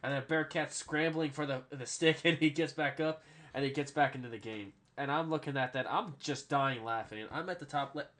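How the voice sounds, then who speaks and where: Male podcast host, bright forceful voice, rambly, swears, keeps saying "all right?". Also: mid-range voice, brisk. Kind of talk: casual sports podcast chat.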